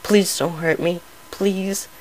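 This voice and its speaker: Guy doing a shy little girl pony, soft and hesitant, pitched up, slight whisper. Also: steady tone, slow pace, slight background noise, low-quality recording. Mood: pleading. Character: shy timid young female pegasus pony.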